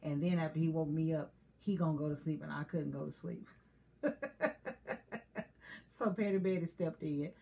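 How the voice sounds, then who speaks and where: A woman with a slightly low voice co-hosts a relaxed chat. She speaks candidly and confessionally, and laughter keeps breaking through her talk. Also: fast talker, creaky, few pauses. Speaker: co-host. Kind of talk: casual chat.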